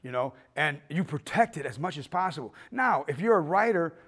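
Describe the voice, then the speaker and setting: A man's voice: a little high, expressive, brisk, fairly bright tone. A middle-aged man giving a filmmaking workshop talk, telling stories with acted-out quotes and the odd swear. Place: arts center auditorium.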